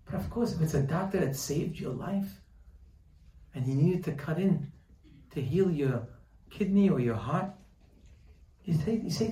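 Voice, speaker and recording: A man giving a Torah lesson, telling a story with lively quoted voices. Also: fairly high pitch, normal speed, reverberant, far from the mic, poor audio. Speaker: Torah teacher. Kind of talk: sermon with storytelling.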